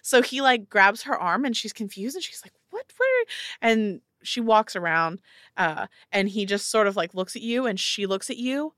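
A woman's voice: medium pitch, moderate pace, a bit bright, no room sound, studio quality. A woman narrating a tabletop game as game master in a casual, descriptive way. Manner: casual, descriptive, many fillers.

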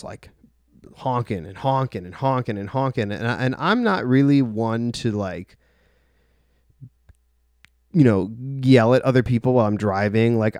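A man's voice: mid-range voice, a little mellow, no echo, studio quality. A young man telling a personal story in a casual, rambling way, full of filler words and swearing. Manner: rambling, heavy use of "like", profane.

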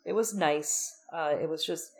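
Young female podcast co-host, slightly low voice, animated and gushing, acts out quotes. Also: measured pace. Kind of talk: casual chat recapping a TV episode.

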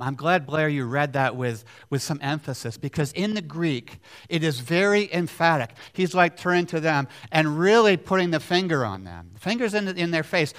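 A man's voice: a little high, lively intonation, normal speed, hardly any pauses, fairly bright tone. A man preaching a sermon, emphatic, repeating key words and putting questions to the congregation. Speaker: pastor.

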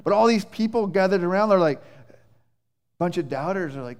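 Male pastor, casual animated sermon, frequent restarts, fairly high voice, echoey church hall. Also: normal speed, pauses often, smooth. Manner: conversational, animated, many restarts and fillers.

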